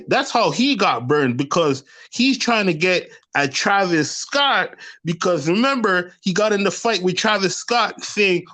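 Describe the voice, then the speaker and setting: A man's voice: high-pitched, a bit bright. A man on a live panel, debating in a heated, casual way, profane and repeating himself.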